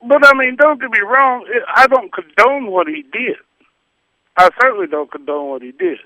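A man calling in to a radio talk show, talking in an animated, halting way. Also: sits high, dry recording, lo-fi sound. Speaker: caller. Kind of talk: radio call-in comment.

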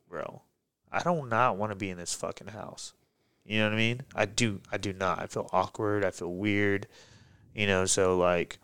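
A man telling a personal story on a podcast, casual and profane, getting heated and animated as he recounts it. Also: on the low side, smooth, dry recording. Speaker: guest, pro MMA fighter.

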